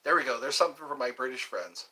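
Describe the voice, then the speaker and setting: A man's voice: mid-range voice, quick pace, loud music behind the voice. A man hosting a live stream in a casual chat, joking around playfully and answering viewers' questions aloud.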